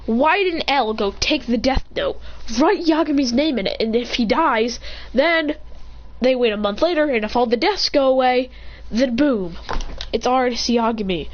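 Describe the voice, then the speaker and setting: A woman's voice: on the high side, expressive, moderate pace. A woman telling a story in a casual, rambling way, swearing and jumping between asides. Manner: rambling, swearing, acts out character voices. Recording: dull lo-fi recording.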